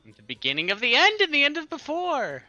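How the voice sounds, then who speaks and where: Giggly little fairy riddler, way up high and bright, swoops all over, a guy doing the voice. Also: wildly swooping pitch, fast, no echo, full character voice. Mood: gleeful. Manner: gleeful, repeats her words in a singsong. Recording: dull lo-fi audio, faint music.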